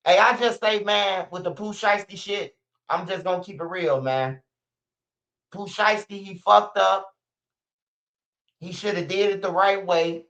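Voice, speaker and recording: A man's voice: sits high, fairly bright tone. A man from Chicago with a Chicago accent, hosting a livestream and giving blunt, profane street-talk commentary. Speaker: livestream host. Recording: muffled lo-fi stream audio.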